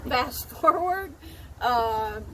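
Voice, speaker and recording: Older woman, interview guest, high-pitched and lively, laughs easily, natural storyteller. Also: extremely slow, noisy background. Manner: lively, laughs often, acts out dialogue. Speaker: interview guest, wild animal trainer. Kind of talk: animated personal storytelling.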